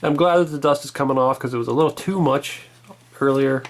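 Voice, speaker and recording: Relaxed male co-host, chatty and meandering, mid-range voice. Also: mid-range voice, fairly quick. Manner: relaxed, rambling, hesitant restarts. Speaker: toy reviewer, co-host. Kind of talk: casual chat review.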